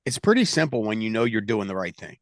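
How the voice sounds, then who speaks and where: A man's voice: on the low side, sing-song, quick pace, no room sound, studio quality. A man leading a sales team call, giving a direct, motivational pep talk to his agents over a video call.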